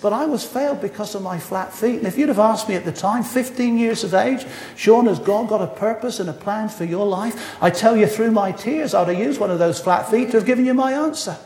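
Older guy preaching, pretty high voice, earnest but jokey, echo-y church. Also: fairly quick, few pauses, a little mellow. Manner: earnest, wry asides with laughs. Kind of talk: sermon. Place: church hall. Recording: echoey hall.

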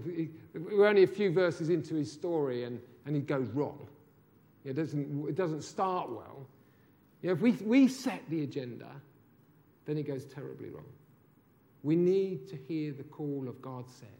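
A man preaching a sermon, asking rhetorical questions and dropping to a hush for emphasis. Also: a little high. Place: church.

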